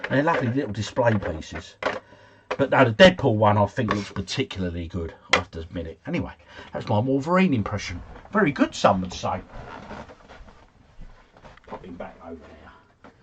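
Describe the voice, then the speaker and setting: A man's voice: lowish voice, big pitch swings, normal speed, long pauses, background noise. A man hosting a casual quiz livestream from home, chatting, chuckling and answering comments from his viewers.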